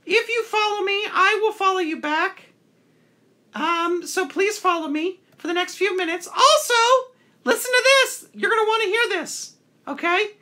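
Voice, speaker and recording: A man's voice: extremely high pitch, unhurried, pushed and bright, exaggerated voice. A man voicing a cheery male toilet paper puppet who hosts a live call-in show with chatty, playful talk. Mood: cheerful. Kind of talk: live stream call-in chat.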